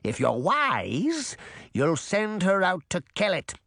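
A man voicing an ancient, cranky witch in an audiobook, croaking slowly and dismissively. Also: sits high, wildly swooping pitch, a bit bright, no echo, clean studio sound, voice pushed up, full character voice. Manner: slow, dismissive, snapping. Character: ancient cranky female witch, old crone. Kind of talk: audiobook character voice.

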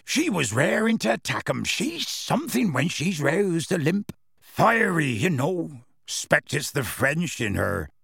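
A man voicing a huge, warm-hearted half-giant gamekeeper who talks in rough dialect and tells his tale with relish, in an audiobook reading. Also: fairly high pitch, very animated, unhurried, dry recording, clean studio sound, pitched above the performer's own voice, exaggerated voice. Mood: gruff storytelling. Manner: rough dialect speech, dropped sounds, storytelling relish.

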